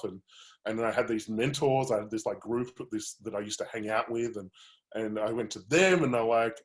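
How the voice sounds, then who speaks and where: A man, a coach telling his personal story in a webinar, candid and animated, with many fillers. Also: fairly low pitch, normal speed.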